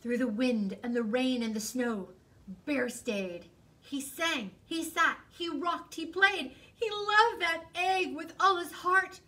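Woman doing a storybook read-aloud, bright high voice, bit far from the mic. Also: slow. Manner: expressive, sing-song, teacherly. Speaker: author reading her picture book.

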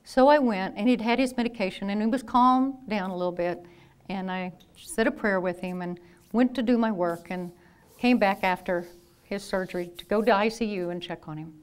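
A woman in her fifties, a nurse telling lively anecdotes in a talk and acting out the people she quotes. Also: medium pitch, moderate pace, clean tone. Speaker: nurse and speaker. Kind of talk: storytelling talk.

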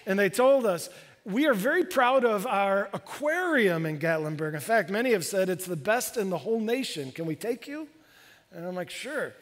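A man in his fifties, a pastor preaching a sermon with animated, excitable delivery. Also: normal speed. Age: 50s. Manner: animated, bursts into high excited exclamations. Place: church sanctuary. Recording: long church hall reverb.

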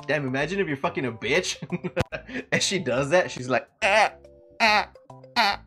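A young man streaming a retro game, chatting casually, swearing a lot and breaking into loud outbursts, saying he is sleepy. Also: medium pitch, moderate pace, husky, faint music behind. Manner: profane, rowdy, loud outbursts and laughing.

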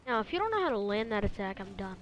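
A woman's voice: mid-range voice, big pitch swings, racing, background noise. A young woman giving casual gameplay commentary, slangy and stammering as she teases her opponents. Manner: slangy, stammering, mock-trash-talking opponents. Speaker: gamer.

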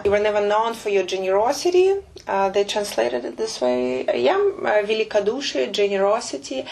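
A woman runs a relaxed language lesson. She explains patiently and slowly repeats phrases, at an ordinary middle pitch. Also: vocal fry. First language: Russian. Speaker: Russian teacher.

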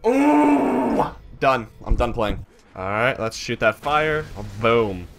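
A man's voice: medium pitch, takes it slowly, fairly bright tone, a little hiss or hum. A young man streaming a video game, reacting with exasperated, swearing running commentary. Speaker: gaming streamer. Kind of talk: let's play commentary.

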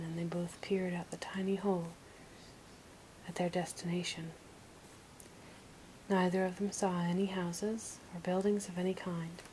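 A woman reading a fantasy audiobook in a soft, slow whisper. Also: on the low side, a little hiss or hum, rough recording. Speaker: audiobook reader.

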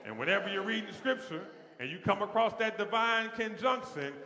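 A male pastor preaches with a high, bright, tense voice that carries a gravelly edge. He builds his points through repetition, rising in force as he goes. The sound is roomy, with the long reverb of a large sanctuary. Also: lively intonation, brisk. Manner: preaching with rising call-and-response intensity. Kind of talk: sermon.

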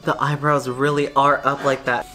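A man's voice: mid-range voice, little pitch movement, moderate pace, bright, forceful tone, soft background music. A man in drag hosting a comedic makeup tutorial, campy, playful and self-mocking. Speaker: drag queen host.

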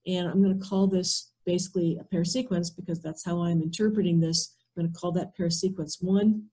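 A woman presenting in an online workshop, methodically walking through a software demonstration over a video call, thinking aloud step by step. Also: on the low side, steady tone, fairly quick, breathy edge, poor audio.

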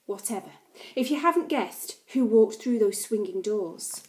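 A woman's voice: mid-range voice, measured pace, a little mellow. A woman teacher reading a class novel aloud to her pupils, with playful chatty asides.

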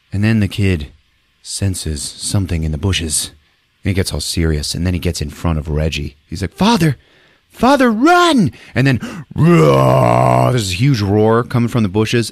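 A man hosting a podcast, retelling a movie in a jokey, laughing, animated way. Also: sits low, no room sound. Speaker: podcast host. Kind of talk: casual movie recap.

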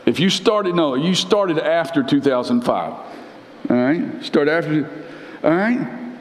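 A male pastor giving a conversational live sermon, repeating phrases and climbing in pitch to press his points. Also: animated, slow pace, a little hiss or hum. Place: church sanctuary. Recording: roomy church with long reverb.

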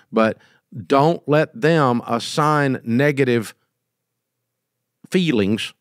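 A man's voice: medium pitch, no room sound, clean studio sound. A middle-aged man, hosting and giving business advice in a casual, folksy, emphatic way. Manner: folksy, emphatic, acts out quoted scenes.

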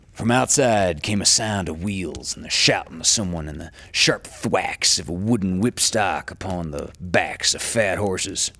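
A man hosting a story show, reading classic short stories aloud in a measured storytelling manner with the odd casual aside. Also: sits low, sharp tone, breathy edge, dry recording. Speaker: storyteller host.

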